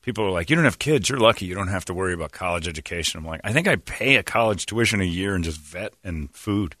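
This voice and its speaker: A man with a fairly low voice that swings widely in pitch, joking and laughing through casual banter. He mangles Spanish phrases for laughs. The sound is dry and close. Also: lively intonation, fast, bright, forceful tone, dry recording.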